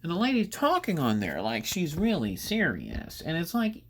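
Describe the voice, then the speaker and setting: A man's voice: a little high, wildly swooping pitch, a little slow, few pauses. A man hosting casual political commentary, sarcastic and rambling with frequent restarts.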